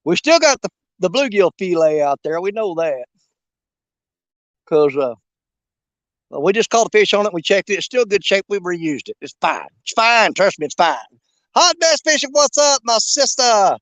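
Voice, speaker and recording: Older fishing host: high, lively voice with a bouncy pitch, joking and rambling with live viewers, laughing often. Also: male voice, moderate pace, pauses often, no echo. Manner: jokey and rambling, laughs a lot. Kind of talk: casual live-stream chat. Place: outdoors at a creek.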